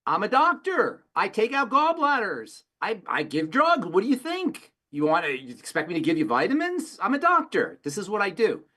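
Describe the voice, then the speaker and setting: A man voicing a scorpion and a frog in a fable, in a high squeaky indignant voice. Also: wildly swooping pitch, normal speed, hardly any pauses, pushed and bright, exaggerated voice.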